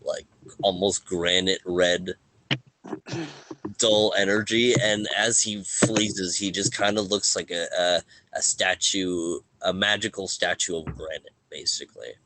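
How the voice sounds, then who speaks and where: A man playing a tabletop game, describing things in a halting, stumbling way. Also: sits low, steady tone, sharp tone, poor audio. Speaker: player. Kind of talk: tabletop game play, casual chat.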